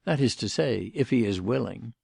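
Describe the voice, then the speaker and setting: A man's voice: mid-range voice, lively intonation, moderate pace, gravelly, a little mellow, husky, no room sound, studio quality, heavily acted. A male audiobook reader voicing a cold, formal suspect who lays down terms in a passionless voice.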